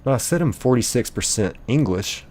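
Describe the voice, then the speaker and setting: A man's voice: medium pitch, expressive, normal speed, a little mellow. A young man streaming live, casually reading chat messages aloud and rambling with lots of ums and likes.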